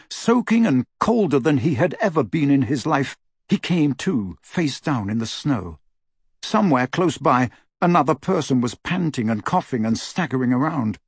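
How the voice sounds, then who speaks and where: A man's voice: mid-range voice, husky, dry recording, studio quality. A man narrating an audiobook with dramatic, varied storytelling. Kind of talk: scripted narration.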